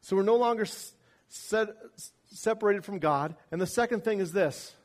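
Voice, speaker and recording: A pastor delivering a sermon, telling a personal story with wide swings between loud emphasis and quiet asides. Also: male voice, high-pitched, normal speed.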